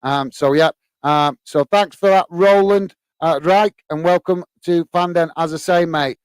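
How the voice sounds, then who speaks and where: Male livestream host, slightly high voice, smooth and clear, close and dry sound, easygoing chatter. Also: measured pace, dry recording. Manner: relaxed, chatty, many fillers, calls listeners mate. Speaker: host of a football fan channel. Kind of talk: casual live-stream chat reading viewer comments.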